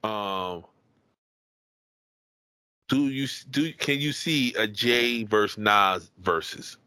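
A man's voice: fairly low pitch, takes it slowly, bright, forceful tone, no room sound, rough recording. A young man co-hosting a podcast, teasing and joking in a laid-back way. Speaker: podcast co-host. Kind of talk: casual hip-hop podcast banter.

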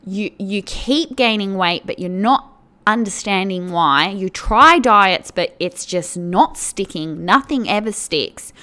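A woman hosts a podcast in a loose, chatty monologue that wanders and restarts, padding her points with "like." Her voice is smooth and clean, sitting at an ordinary middle pitch. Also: lively intonation, slow pace, sharp tone. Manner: rambling, filler-heavy, with many "like"s and restarts. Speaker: podcast host.

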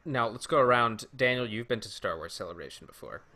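A man's voice: mid-range voice, lively intonation, a little fast, bright, forceful tone. A man hosting a casual podcast chat, explaining things and steering the talk with many fillers.

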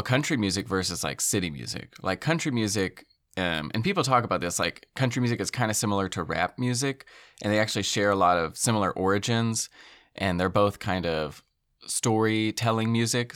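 A man with a lowish voice talks loosely in casual conversation, pausing on "um" and "like" as he works through ideas. The sound is dry and close, with no room echo. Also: fairly bright tone. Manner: rambling, many fillers. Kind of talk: casual chat.

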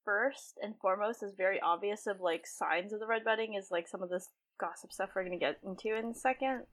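Speaking briskly at a medium pitch, a woman chats casually about a book as a podcast co-host, with many filler words.

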